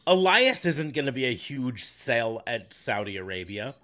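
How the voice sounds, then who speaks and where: A man's voice: mid-range voice, very animated, moderate pace, sharp tone. A man co-hosting a podcast, arguing opinions in casual chat about wrestling storylines. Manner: opinionated, argumentative. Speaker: podcast co-host.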